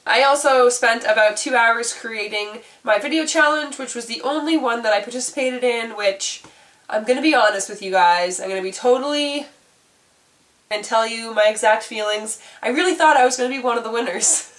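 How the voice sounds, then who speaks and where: A woman's voice: on the high side, moderate pace, a bit bright, recorded from a distance. Sick-sounding chatty young woman vlogger. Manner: chatty, gushing, repeats "really". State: sick, congested voice. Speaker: book vlogger. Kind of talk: casual vlog chat.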